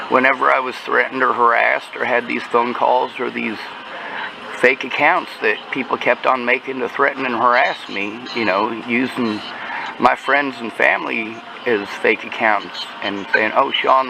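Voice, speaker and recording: A man's voice: medium pitch, creaky, noisy background. A man telling his story in casual conversation, agitated and profane, often restarting his sentences.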